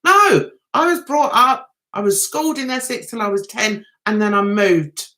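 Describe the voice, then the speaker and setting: A woman's voice: a little high, expressive, moderate pace, bright, forceful tone. A middle-aged woman from London with a London accent, chatting casually with viewers on a livestream, greeting them by name and reading out their comments. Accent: London English. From London, England. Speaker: livestream host.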